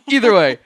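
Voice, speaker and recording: A man hosting a podcast, telling a story casually, rambling and laughing, swearing and acting out voices. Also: slight background noise. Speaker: podcast host.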